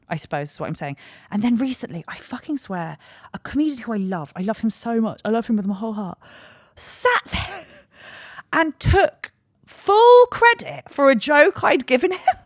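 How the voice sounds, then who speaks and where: A woman in her thirties with a British accent, hosting a candid solo podcast and telling a story with lively acted-out quotes and plenty of swearing. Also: medium pitch, moderate pace, no echo, clean studio sound. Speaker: podcast host.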